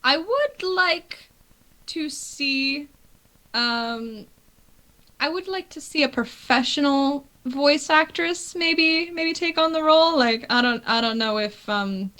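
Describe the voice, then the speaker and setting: A woman with a Canadian accent talks casually as a guest on a live stream, lively and quick to laugh. Her voice is bright and clear. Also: high-pitched. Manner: lively, chatty, laughs often. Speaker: guest player.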